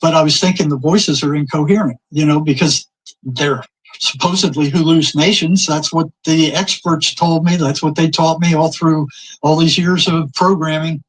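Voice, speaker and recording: An older man spins a rambling tale, stumbling over his words and putting on the voices of the people he quotes. His voice sits a little high and sounds husky. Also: fairly even intonation, normal speed, rough recording. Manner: rambling anecdotes, repeats words, acts out quoted exchanges. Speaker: guest telling stories. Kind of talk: casual storytelling.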